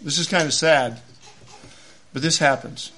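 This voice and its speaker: A man's voice: fairly high pitch, a little slow, slight background noise. A middle-aged man preaching a sermon, telling stories and acting out the voices of the people in them. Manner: animated, acts out voices in his stories. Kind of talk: sermon with storytelling.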